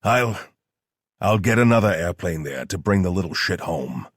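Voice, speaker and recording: A man voicing a hot-tempered male commander on the phone, exasperated and loud. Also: low voice, lively intonation, normal speed, no echo, studio quality.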